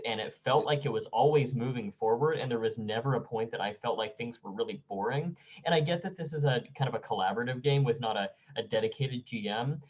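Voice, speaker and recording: A man speaks in an even, mid-range voice, heaping emphatic praise on his fellow players after a tabletop game. The audio is a little dull and muffled, like a modest home mic. His tone is casual and warmly conversational. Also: mid-range voice. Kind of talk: casual post-game feedback.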